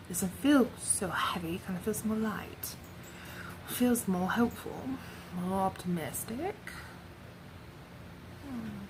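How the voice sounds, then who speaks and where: A woman giving a rambling spiritual monologue for her vlog. She speaks in a meandering, reflective way and often drops into soft whispers. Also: medium pitch, slow pace, long pauses, noisy background. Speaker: vlogger sharing spiritual channeling.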